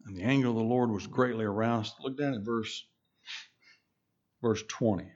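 A man preaching a sermon, reading scripture aloud and slowing down on key phrases. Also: on the low side, a little mellow, highs cut off. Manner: reads scripture aloud, slows down for emphasis.

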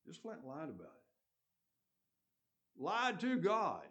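A man preaching a sermon, stressing points loudly, then dropping to quiet asides, and often repeating his phrases. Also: a little high, huge pitch swings, very slow, slightly rough.

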